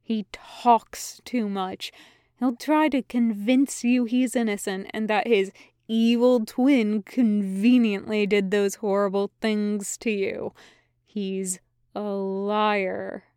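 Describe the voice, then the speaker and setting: A woman voicing a malicious male voice in someone's head, slow, hissing and coaxing. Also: mid-range voice, fairly even intonation, darkish tone, clear, resonant tone, no echo, studio quality, close to an everyday voice. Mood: menacing.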